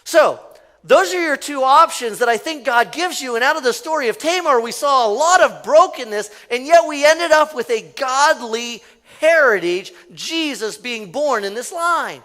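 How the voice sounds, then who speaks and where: A man's voice: extremely high pitch, lively intonation, moderate pace, pushed and bright. A male pastor preaching a conversational sermon in a church, leading the congregation in call-and-response. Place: church sanctuary.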